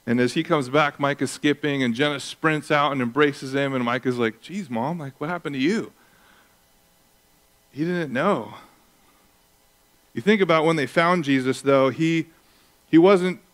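A man in his thirties preaching a sermon as pastor, telling stories with lively acted-out voices. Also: a little high. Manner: animated storytelling, acting out voices.

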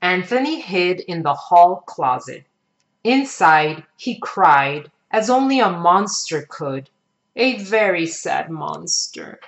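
A woman reading a children's picture book aloud in an expressive storytelling manner. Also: lowish voice, takes it slowly. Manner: expressive, sing-song storytelling.

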